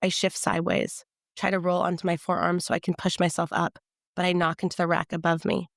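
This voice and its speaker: A woman reading her novel aloud in the first person, in a measured, tense storytelling manner. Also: fairly low pitch, level tone, gravelly, dry recording, clean studio sound.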